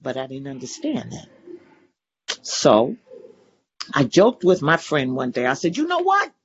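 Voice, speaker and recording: Woman in her 40s sharing at a meeting, lively up and down voice, emotional, plays out the dialogue. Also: a bass voice, a little slow, slight background noise. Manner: emotional, storytelling with acted-out dialogue. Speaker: recovery meeting speaker. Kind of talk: personal testimony share. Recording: dull lo-fi recording.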